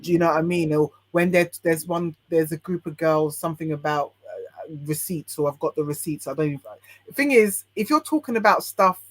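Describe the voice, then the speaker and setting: A woman's voice: deep voice, brisk, no echo. A British woman chats casually as a guest on a podcast. She gives her opinions bluntly and often stops mid-phrase to start again. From United Kingdom. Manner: frank and opinionated, many restarts. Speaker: podcast guest, life coach.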